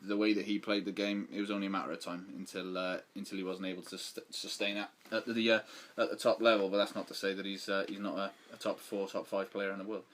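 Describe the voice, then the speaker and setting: A man's voice: low voice, little pitch movement, fast, few pauses, a bit bright. A man co-hosting a casual sports chat podcast, talking in a rambling way with many restarts. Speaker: podcast co-host.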